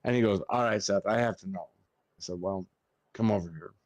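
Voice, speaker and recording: A man's voice: sits low, fairly quick, a little mellow, dry recording. A man who works as a funeral director, chatting on a podcast and swearing freely as he tells stories. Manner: swears a lot while telling stories. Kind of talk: casual podcast chat.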